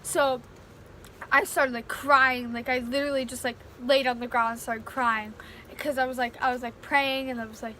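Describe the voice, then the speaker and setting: A woman's voice: high voice, fairly even intonation, moderate pace, bright, forceful tone, slight background noise. A young woman vlogger telling a casual storytime, rambling with lots of fillers like "like.". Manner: rambling, filler-heavy retelling with many "like"s.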